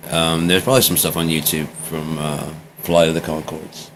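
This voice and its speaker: A man's voice: a bass voice, little pitch movement, normal speed, slight background noise. An American man talking casually in a meandering, drifting monologue, trailing off and jumping between topics. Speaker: vlogger recording a personal journal.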